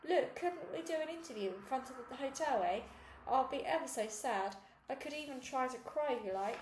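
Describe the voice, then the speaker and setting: A woman's voice: sits high, animated, brisk, darkish tone, reverberant, a little hiss or hum, rough recording. A woman reading aloud, voicing an eager young girl who tells jokes and pleads to be filmed.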